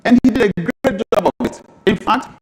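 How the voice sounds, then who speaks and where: A man preaching a sermon as pastor, reading scripture aloud, moving from low asides to sudden high, emphatic bursts. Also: fairly quick, very noisy. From Nigeria. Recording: long hall reverb.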